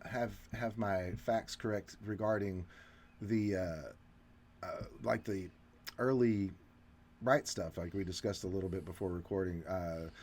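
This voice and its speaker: Low-voiced man analyzing a film. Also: unhurried, a little mellow, a little hiss or hum. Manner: analytical, breaks down motives and points out scripting. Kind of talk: casual film discussion.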